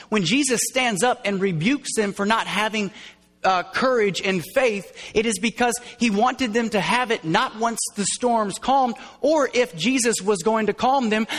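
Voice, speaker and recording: A man preaching a sermon, explaining scripture in an animated way and dropping to hushed tones as he acts out quoted lines. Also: high-pitched, big-room sound. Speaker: pastor.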